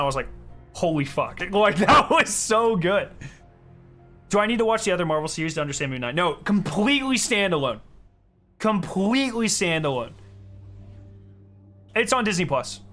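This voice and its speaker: A young man chatting casually with his viewers while he plays a game, rambling excitedly with lots of fillers. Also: a little high. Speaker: game streamer. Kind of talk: casual chat while playing.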